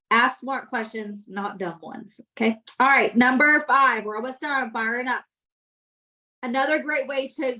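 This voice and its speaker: A woman's voice: fairly high pitch, rough recording. A woman coaching her sales team with energy, repeating points and checking that everyone follows. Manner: energetic, repeats points, asks "does that make sense?". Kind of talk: teaching sales tips to a team.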